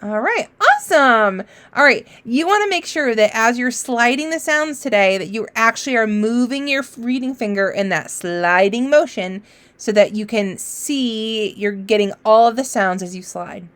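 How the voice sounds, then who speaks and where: A woman teacher giving a children's phonics lesson, encouraging and sounding out letters slowly. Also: fairly high pitch, expressive, a bit bright.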